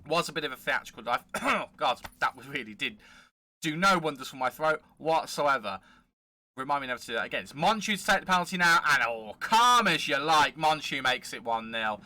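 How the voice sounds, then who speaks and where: A man hosting a football management game let's play, giving chatty, excitable play-by-play commentary. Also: a little high, brisk, dry recording. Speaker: gaming channel host.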